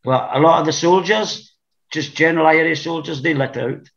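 A man's voice: fairly high pitch, fairly quick, fairly bright tone. Blunt Orkney man with a dull, lo-fi sound. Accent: Orkney Scottish. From Orkney Islands. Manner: rambling, repeats words, blunt opinions. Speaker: podcast guest. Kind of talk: casual interview chat.

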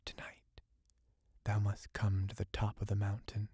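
A man voicing a sly, seductive female witch in an audiobook, in a slow, hushed, teasing voice that drops into whispers. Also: fairly low pitch, completely flat delivery, husky, no room sound. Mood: whispering.

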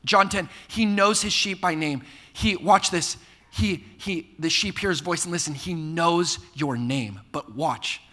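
A young man preaching a lively sermon to a live audience, joking and asking them to repeat lines after him. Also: fairly high pitch, a little slow. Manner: energetic, playful preaching with call-and-response jokes. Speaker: pastor. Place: church hall before a live audience. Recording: long reverb of a hall.

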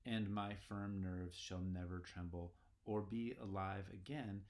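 A man's voice: low-pitched, steady tone, unhurried, a little mellow. A man reading aloud the lines of a haunted, shaken king in his everyday voice. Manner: plain read-aloud delivery.

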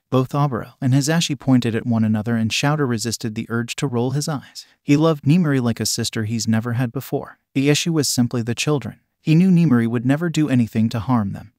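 A man reading a story as scripted narration in an even, unvaried delivery. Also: mid-range voice, no echo, clean studio sound. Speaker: story reader. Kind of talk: scripted narration of fan fiction.

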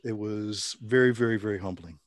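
A middle-aged man, an interview guest, telling his story in a relaxed, wry way with frequent restarts. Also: fairly low pitch, brisk, no room sound, clean studio sound.

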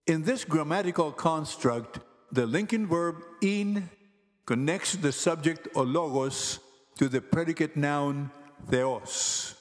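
A man teaching Greek grammar in slow, careful scripted narration, pronouncing each word deliberately. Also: on the high side. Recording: long hall reverb with faint music.

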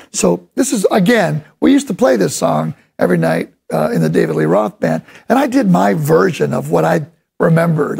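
A man giving a casual, enthusiastic drum lesson, rambling from one point to the next and sometimes voicing drum rhythms out loud. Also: high voice, gravelly, slightly rough. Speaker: drum instructor.

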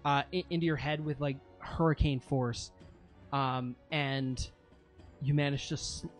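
A man's voice: medium pitch, fairly even intonation, measured pace, soft background music. A man running a tabletop game as game master, narrating monster actions vividly and explaining rules, with frequent fillers.

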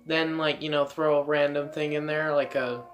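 A man's voice: fairly high pitch, level tone, normal speed, over music. A man giving casual game commentary, rambling and swearing with many fillers. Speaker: let's play gamer.

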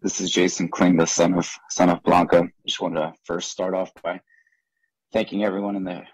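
Son thanking the council, super deep flat voice, dry sound, stumbles a lot. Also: male voice, slightly rough, dry recording, poor audio. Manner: halting, repeats words. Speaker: grieving family member. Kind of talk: public remarks.

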